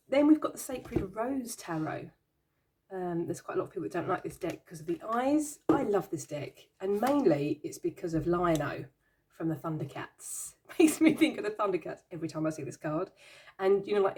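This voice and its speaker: A woman's voice: medium pitch, warm tone. A woman hosting her own channel, chatting casually as she shows things, giggling and sounding amused and baffled. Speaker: tarot channel host. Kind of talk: casual show-and-tell chat.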